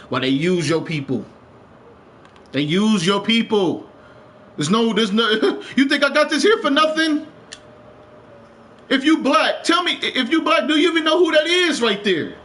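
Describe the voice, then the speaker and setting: Man, live-stream rant, high bright voice, impassioned and repetitive, faint background hiss. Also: animated, normal speed. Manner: impassioned, repetitive, swears, rising to urgent. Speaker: game streamer.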